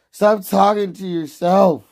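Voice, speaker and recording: A young man livestreaming, ranting and yelling insults at his chat, then dropping to low mutters. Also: vocal fry. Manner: swings between shouting and low mutters. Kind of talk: casual livestream rant.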